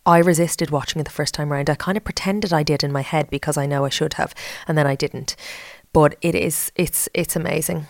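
A woman with an Irish accent hosting a podcast, chatting casually with playful, quick asides. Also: low-pitched, fairly even intonation, no room sound. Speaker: podcast host. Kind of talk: casual chat.

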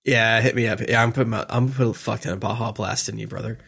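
A man's voice: lowish voice, steady tone, fast, vocal fry, fairly bright tone, husky. A man co-hosting a podcast, riffing on absurd jokes in casual chat and rambling through restarts. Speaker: podcast co-host.

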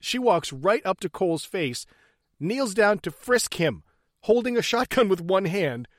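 Recapping a movie in casual podcast chat, this male co-host jokes, curses and performs the characters in silly high voices. He keeps a measured pace while his pitch swings widely. The sound is studio quality with no echo.

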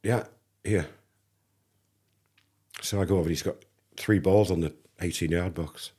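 Husky low-voiced Englishman telling a story. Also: unhurried. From England. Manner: animated anecdote teller, acts out dialogue. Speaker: podcast guest. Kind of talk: casual storytelling.

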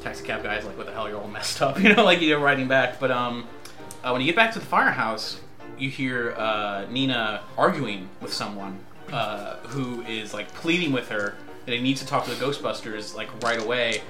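A man narrating a tabletop role-play game as game master, animated and often laughing. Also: medium pitch, moderate pace. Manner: animated, laughing, filler-heavy. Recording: echoey room with music behind.

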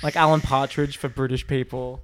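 A man's voice: medium pitch, little pitch movement, moderate pace, fairly bright tone, slight background noise. A man co-hosting a podcast, chatting with eager, slangy enthusiasm. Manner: enthusiastic, slangy, says "dude" and "like". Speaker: podcast co-host. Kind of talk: casual chat.

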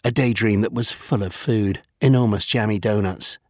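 A man narrating a children's storybook, savouring lists with gentle humour. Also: fairly low pitch, moderate pace, breathy edge, no room sound, studio quality.

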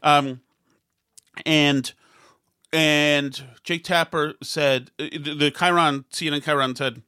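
Rambling opinion-show commentator, sarcastic, bright tone. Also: mid-range voice, fairly even intonation, slow, clean tone. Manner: rambling, sarcastic, mimics others in quotes; frequent restarts and asides.

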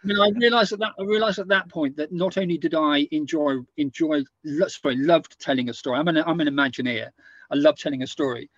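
A man's voice: a little high, quick pace, no room sound. A man speaking as a guest author in an interview, hesitant and full of restarts. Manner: hesitant, many restarts and fillers. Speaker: guest, author and former army officer. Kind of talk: conversational interview. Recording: dull, dry, lo-fi sound.

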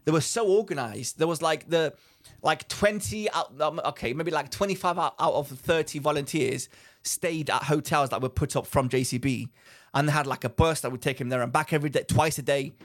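A man co-hosting a relaxed podcast chat, telling a long story that keeps going off on side tracks. His voice sits a little high for a man. He acts out the other people in his story and often breaks into laughter. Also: a little fast. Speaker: podcast co-host. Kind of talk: casual chat.

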